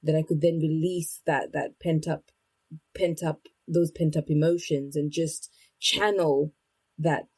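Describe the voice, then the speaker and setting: A woman's voice: sits low, fairly even intonation, unhurried, a little mellow, husky, rough recording. A woman from Zimbabwe speaking as a podcast guest, reflective and searching for words as she talks. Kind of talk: personal interview talk.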